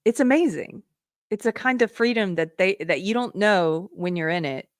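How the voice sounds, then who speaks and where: A woman's voice: mid-range voice, expressive, normal speed, dry recording, clean studio sound. A middle-aged woman hosting a live commentary stream, earnestly putting rhetorical questions to her viewers. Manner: reads viewer comments aloud. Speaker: political commentary host.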